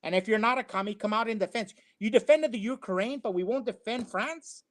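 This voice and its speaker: A man with a notably high voice preaches his opinions on a talk show. He repeats key phrases and drives each point home emphatically. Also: brisk. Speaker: co-host. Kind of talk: opinionated commentary.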